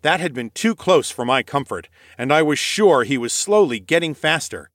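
Expressive male audiobook narrator. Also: fairly high pitch, moderate pace, hardly any pauses, no room sound, clean studio sound. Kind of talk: scripted first-person narration.

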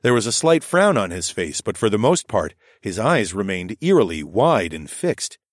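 A man's voice: lowish voice, sing-song, moderate pace, no room sound, clean studio sound. A man narrating a story expressively in a scripted audiobook reading.

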